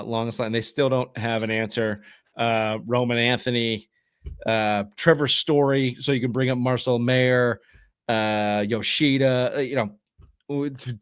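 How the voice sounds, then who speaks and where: A man's voice: mid-range voice, no echo, studio quality. Ranting, profane man in sports chat. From Boston area. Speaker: podcast co-host.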